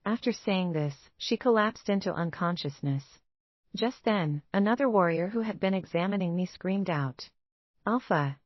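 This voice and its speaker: A woman with a lower voice tells a first-person romance story in a steady, dramatic way. The sound is dry and a little dull, like a lo-fi recording. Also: normal speed, no room sound. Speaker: narrator.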